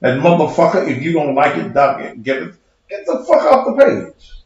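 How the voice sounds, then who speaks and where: Combative male preacher-host, high lively voice, cussing rant in a very echoey room. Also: moderate pace, lo-fi sound. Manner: profane, combative, mocking. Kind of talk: heated livestream rant.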